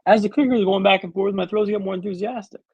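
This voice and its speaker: A man's voice: high-pitched, fairly even intonation, fast talker, darkish tone, slightly rough, no room sound, dull audio. A man in his thirties telling a story as a podcast guest, dramatic and wry with comic timing. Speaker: guest speaker.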